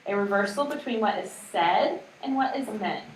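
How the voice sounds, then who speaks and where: A woman's voice: medium pitch, expressive, normal speed. A woman teaching a class, explaining in a casual, chatty way with many fillers. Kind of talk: classroom lecture. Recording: echoey room, distant mic, noisy.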